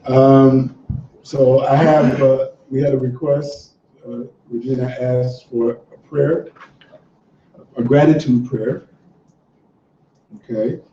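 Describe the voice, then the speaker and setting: A man leading a religious class, talking in an easygoing, encouraging way before reading a prayer to the group. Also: medium pitch. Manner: relaxed, conversational, encouraging. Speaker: class teacher. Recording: dull, roomy sound from a distant mic.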